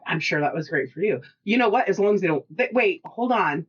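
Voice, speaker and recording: A woman's voice: lowish voice, animated, fairly quick, breathy edge. A woman co-hosting a podcast in casual chat, rambling from topic to topic with frequent laughs and restarts. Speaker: podcast co-host. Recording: dull lo-fi podcast audio.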